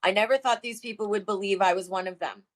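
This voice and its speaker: A woman's voice: mid-range voice, steady tone, fast. A woman guest in a casual conversation, speaking earnestly and openly about her feelings. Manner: earnest, open and emotional.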